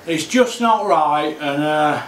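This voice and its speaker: Brief: man, high-pitched, fuming solo rant, recorded off-mic in an echoey gym. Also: animated, slow, distant mic, slight background noise. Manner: exasperated, repetitive ranting. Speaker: boxing commentator. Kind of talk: ranting vlog monologue. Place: home gym.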